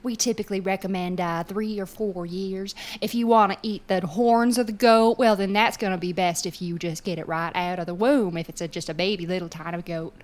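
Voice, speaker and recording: A woman's voice: mid-range voice, fairly even intonation, a little fast, hardly any pauses, natural voice. A woman playing a cheerful country waitress in an improv scene, using a put-on country accent and rambling with fillers. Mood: chipper. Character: chirpy country waitress at a goat restaurant.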